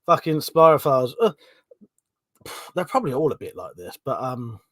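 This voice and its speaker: A man's voice: medium pitch, sing-song, moderate pace, fairly bright tone, dry recording. A man hosting a casual livestream, rambling, swearing freely, laughing often and greeting viewers by name. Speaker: livestream host. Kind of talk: casual live-stream chat.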